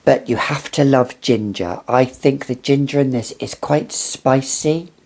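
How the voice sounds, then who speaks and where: A British woman talking casually and warmly about perfumes she loves, gushing and rambling with little restarts. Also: extremely low pitch, a little slow. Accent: British English. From United Kingdom. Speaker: fragrance reviewer. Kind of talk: casual review vlog.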